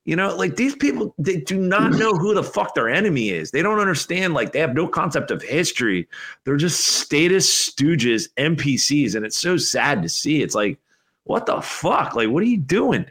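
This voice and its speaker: A man's voice: on the high side, sing-song, moderate pace, fairly bright tone, husky. A man hosting a podcast, rambling and exasperated in casual chat. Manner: rambling, exasperated, full of fillers. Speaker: podcast host.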